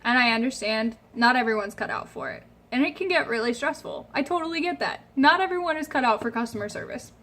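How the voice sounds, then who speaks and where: Vlogger, woman in her 20s, fairly high voice, earnest and emphatic, speaking straight to camera. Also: animated, fast talker, hardly any pauses, fairly bright tone. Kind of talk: casual advice monologue to camera.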